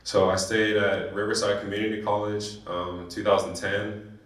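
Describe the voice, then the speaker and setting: A young man from San Diego giving an emotional personal speech at a banquet, telling his story in halting bursts with restarts. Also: lowish voice, level tone, fairly bright tone. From San Diego, California. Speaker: guest speaker. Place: banquet hall. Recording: echoey hall, voice from a distance.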